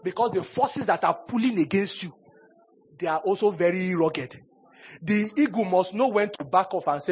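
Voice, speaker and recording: A man preaches with emphatic repetition. His voice sits high and husky, and his bursts swing from hushed pleading to loud exhortation. The recording is dull and lo-fi. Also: lively intonation, normal speed. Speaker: pastor. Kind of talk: sermon.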